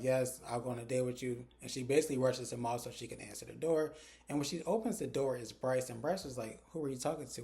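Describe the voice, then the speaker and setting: Speaking straight to his audience in an easygoing, casual way, this talkative TV recap reviewer retells an episode one scene at a time. He slips into characters' dialogue as he goes, his mid-pitched voice warm and mellow.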